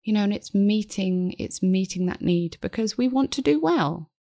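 Woman guest on a podcast, earnest, bit of fry in the voice. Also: medium pitch, expressive, normal speed, mellow, no echo, clean studio sound. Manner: earnest, reflective, acts out inner voices. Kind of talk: conversational interview.

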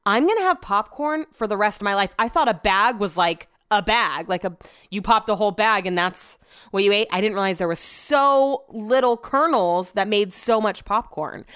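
A woman talks straight to her listeners in a loose, rambling storytelling chat, with "like" in every other phrase and the odd curse word. Her voice is smooth and clear. The sound is close and dry, with no room around it. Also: mid-range voice, animated, normal speed, a bit bright, no echo. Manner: chatty, rambling, heavy use of "like" and swearing. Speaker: podcast host.

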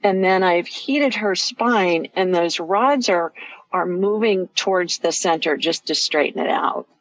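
A woman with a lowish voice hosts a live call-in radio show and talks callers through each step in a calm, soothing way. The sound is dry and a little dull. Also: a little slow, dry recording. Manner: soothing, explains steps as she goes. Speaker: radio show host and energy healer.

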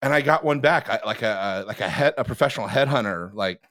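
A man's voice: on the low side, quick pace, no room sound, studio quality. A man telling a story in a casual podcast chat, acting out the people in it, with many restarts and fillers. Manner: animated, acts out the other people in his story; frequent restarts and filler words.

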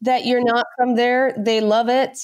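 A young woman from the Netherlands, chatting as a podcast guest in an animated, laughing storytelling way. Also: fairly high pitch, a little slow. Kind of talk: casual interview chat.

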